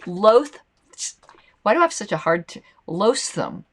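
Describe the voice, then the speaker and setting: A woman's voice: mid-range voice, sing-song, moderate pace. A woman hosting a solo podcast with a slight lisp, talking in a rambling, impassioned and indignant way between passages she reads aloud. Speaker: podcast host.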